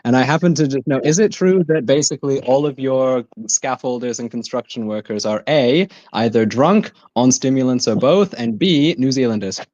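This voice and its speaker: A man's voice: medium pitch, normal speed, few pauses, darkish tone, no room sound, muffled recording. A man in casual conversation, wry and teasing, asking pointed questions. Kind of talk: casual chat.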